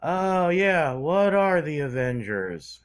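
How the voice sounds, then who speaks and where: Sarcastic rambling vlogger with a lively pitch. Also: slow pace, clear, resonant tone. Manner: sarcastic, rambling, says "blah, blah" a lot. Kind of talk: casual opinion commentary.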